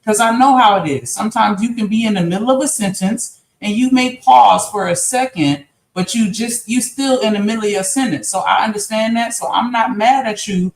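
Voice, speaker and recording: A man's voice: high-pitched, fairly quick, gravelly, few pauses. A man on a live-stream panel, explaining himself earnestly and at length in casual talk. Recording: roomy echo.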